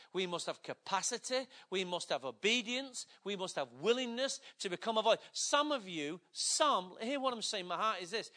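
An older man preaching a sermon, emphatic, swinging between loud declarations and hushed, low passages.

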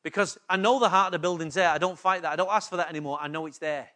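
A man's voice: sits high, racing, bright, forceful tone. A man preaching a sermon as pastor, often putting rhetorical questions to the congregation.

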